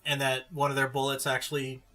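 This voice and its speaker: Bright-voiced man chatting about a movie. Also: medium pitch, monotone, quick pace. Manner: chatty, restarts words often. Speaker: podcast co-host. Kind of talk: casual movie review chat.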